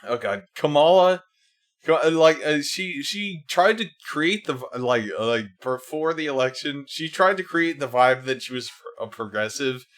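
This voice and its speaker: A man's voice: a little high, lively intonation, normal speed, a bit bright. A man hosting a livestream, ranting casually and angrily, swearing often and leaning on "like" fillers. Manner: heated, profane, many fillers. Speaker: livestream host. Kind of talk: casual political rant.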